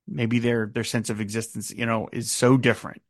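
A man's voice: medium pitch, flat delivery, normal speed, vocal fry, no room sound, studio quality. A man in his fifties hosting a podcast, musing casually about a song with many fillers and restarts. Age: 50s. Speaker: podcast host.

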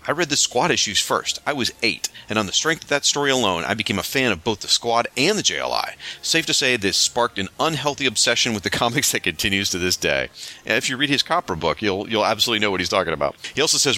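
A man with a bright, forceful voice and a lively, swinging pitch hosts a podcast. He reads listener letters aloud at a quick clip and drops chatty asides between them. His voice sits a little low for a man. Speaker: podcast host reading listener feedback. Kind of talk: casual podcast listener-mail segment.

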